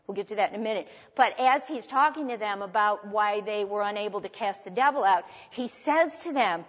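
A woman preaching a sermon, reading scripture aloud with dramatic pauses and then explaining it to the congregation. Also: on the high side, lively intonation, in a large hall.

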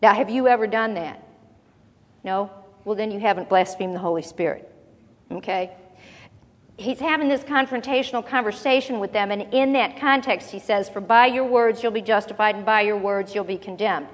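A woman preaching a sermon, talking with the congregation and asking them questions, and slowing down to read scripture aloud. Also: mid-range voice, long reverb tail. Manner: conversational, asks the congregation questions. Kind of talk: sermon Bible teaching.

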